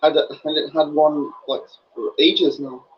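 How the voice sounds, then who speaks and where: A man's voice: a little high, fairly even intonation, unhurried, distant mic. A man casually reacting to a match live, rambling between bites, swearing and coughing now and then. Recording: muffled lo-fi mic with faint noise.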